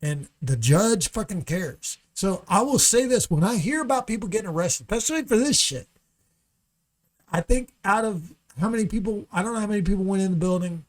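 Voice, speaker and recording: High-voiced man ranting with comic profanity. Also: brisk. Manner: animated ranting, swears constantly, mimics angry judges. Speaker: comedian guest. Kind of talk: profane comedic storytelling. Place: podcast studio.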